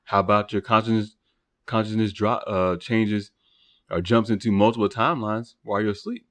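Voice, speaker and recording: A man's voice: on the low side, fairly even intonation, normal speed, fairly bright tone. A man hosting a podcast, talking through philosophical questions in a rambling monologue full of rhetorical questions and restarts. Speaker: podcast host.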